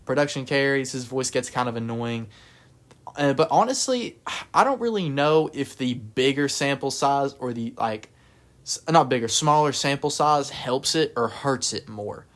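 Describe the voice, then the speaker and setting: A man's voice: medium pitch, animated, normal speed, a bit bright. A man giving a casual music review, talking in a rambling way with lots of fillers and restarts. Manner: rambling, filler-heavy, self-correcting.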